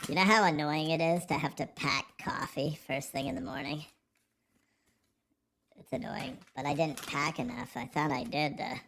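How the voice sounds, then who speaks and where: A man's voice: on the high side, gravelly, a bit bright, slight background noise. A man hosting a casual livestream, joking, rambling and swearing freely as he reads the chat. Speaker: livestream host.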